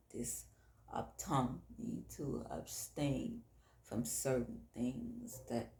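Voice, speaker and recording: A woman host with a Southern US accent, speaking frankly and deliberately, addressing men directly. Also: extremely low pitch, creaky, warm tone, roomy sound. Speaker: podcast host. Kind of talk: frank monologue on faith and relationships.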